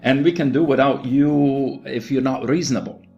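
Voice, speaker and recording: A man promoting a program, talking casually to his group in a halting way full of restarts. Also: mid-range voice, gravelly, a little mellow, muffled recording, soft background music. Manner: halting, many fillers and restarts. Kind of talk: casual recorded talk to a group.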